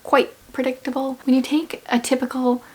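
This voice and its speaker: A woman vlogger chatting casually about what she is reading, in a rambling, offhand way, while losing her voice and sounding hoarse. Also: sits high, level tone, moderate pace. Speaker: book vlogger. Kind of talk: casual book chat.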